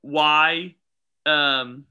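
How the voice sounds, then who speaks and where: Male podcast co-host, bright and animated, casual film chat. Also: a little high, drawn-out words, smooth, dull audio. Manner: animated, incredulous questioning. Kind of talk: casual movie review chat.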